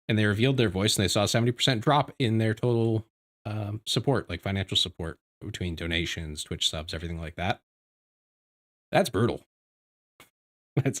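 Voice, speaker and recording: A man streaming from home, chatting casually with his viewers in a rambling, animated way, often restarting his sentences. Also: on the low side. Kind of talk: casual livestream chat. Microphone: desk microphone.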